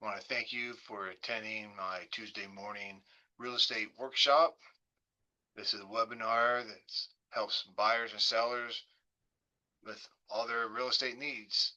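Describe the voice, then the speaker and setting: Bright-voiced man leading a guided visualization. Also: fairly low pitch, fairly even intonation, lo-fi sound. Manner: slow, coaxing, imaginative storytelling. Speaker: real estate agent hosting a webinar.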